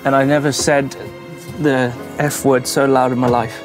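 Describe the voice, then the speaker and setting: A man's voice: mid-range voice, flat delivery, normal speed, over music. A young man vlogging his van build to camera, chatty and self-mocking, inside the van. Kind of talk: casual to-camera vlog. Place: inside a van being built.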